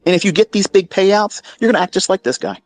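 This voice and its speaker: A man's voice: high-pitched, lively intonation, fast talker, no room sound. Blunt, profane man telling a story. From Maryland, USA. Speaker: trading educator. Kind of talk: casual storytelling monologue.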